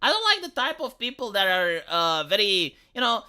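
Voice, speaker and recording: A woman with a Romanian accent and a squeaky voice, ranting heatedly on a casual live stream and often stumbling over repeated words. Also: sing-song, brisk, few pauses, bright, forceful tone. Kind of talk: casual livestream chat.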